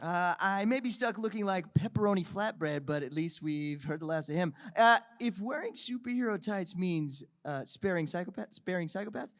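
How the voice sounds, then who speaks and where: A man's voice: high-pitched, lively intonation, normal speed, few pauses. Deadpool, a man playing a sarcastic antihero. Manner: crude, sarcastic, swearing. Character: wisecracking male antihero mercenary, crude and sarcastic. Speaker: voice actor reading Deadpool. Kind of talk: live comedic table read. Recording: live convention panel, reverberant hall.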